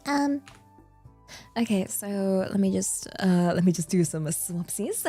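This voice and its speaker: A young woman streamer chats in a bubbly, rambling way, dropping in Japanese phrases now and then. Her voice is medium-pitched, and faint music plays behind her. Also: lively intonation, slow pace, warm tone. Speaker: VTuber streamer. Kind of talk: casual livestream chat.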